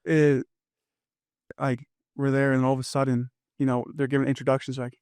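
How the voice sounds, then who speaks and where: A man's voice: mid-range voice, little pitch movement, darkish tone, smooth, no echo, studio quality. A young man, a football team captain, telling stories in casual chat with lots of fillers. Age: young adult. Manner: fast storytelling with lots of fillers.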